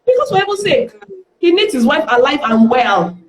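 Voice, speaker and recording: This live stream guest, a woman with a Nigerian accent, speaks at normal speed in a high-pitched voice while telling candid stories and acting out the dialogue in a lively manner. The recording has background noise and a roomy echo.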